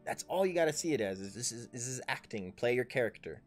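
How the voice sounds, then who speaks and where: A man's voice: mid-range voice, animated, quick pace, soft background music. A man running a tabletop game as dungeon master on a livestream, coaching his players in an instructive way.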